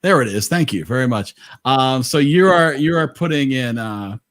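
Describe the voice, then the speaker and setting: A man's voice: medium pitch, lively intonation, normal speed, a bit bright, no echo. A man hosting a casual online movie night, chatting with lots of fillers and laughs. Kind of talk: casual group chat.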